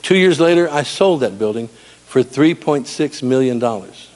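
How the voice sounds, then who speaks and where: A man preaching a sermon in a church, animated and storytelling with humor. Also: medium pitch, moderate pace. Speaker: pastor. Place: church sanctuary.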